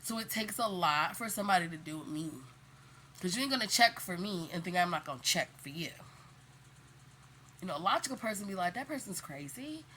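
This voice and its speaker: A woman's voice: on the low side, expressive, fairly quick, long pauses, bright, forceful tone, slight background noise. A woman speaking in a casual, candid monologue to camera, emphatic and slangy, rambling with lots of fillers. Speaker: vlogger.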